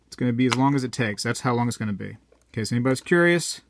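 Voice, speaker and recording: A man's voice: medium pitch, lively intonation, very fast, a little hiss or hum. A man chatting casually to viewers while weighing coins, rambling and joking as he goes. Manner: rambling, jokey, talks to viewers directly. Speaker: coin collector vlogger.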